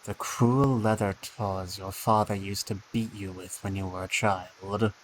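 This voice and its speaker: A man's voice: on the low side, fairly even intonation, measured pace, a little hiss or hum, rough recording. A man streaming a game, thinking aloud with dry asides and reading the game text.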